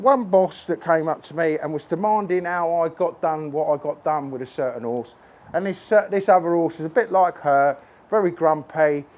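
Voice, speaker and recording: A man with a high-pitched, slightly mellow voice works as a horse trainer and speaks to camera at a stable while handling a horse. He's earnest and emphatic, repeating his points, and a phone on a tripod records him.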